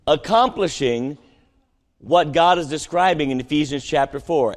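A man preaching a sermon to his congregation, asking them questions and swinging between emphatic peaks and quiet conversational asides. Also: fairly high pitch, fairly quick. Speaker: pastor. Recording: long hall reverb.

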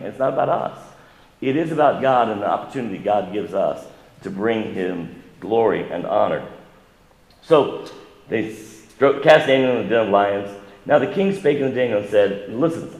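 A man preaching a sermon to his congregation in a conversational way, asking them questions and building up in pitch and volume for emphasis. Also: expressive, moderate pace, darkish tone. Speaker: pastor. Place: church sanctuary. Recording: echoey church hall.

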